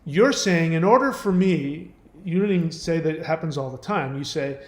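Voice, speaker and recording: A man's voice: a little high, expressive, normal speed. Blunt man talking in an echoey room. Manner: blunt, emphatic, tells personal stories. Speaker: host. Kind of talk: commentary on a viewer's message.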